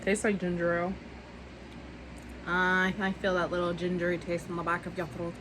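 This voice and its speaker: A woman's voice: on the low side, completely flat delivery, moderate pace. A young woman vlogger in casual chat, telling stories with playful teasing. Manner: storytelling with laughs, playful teasing. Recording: faint background noise.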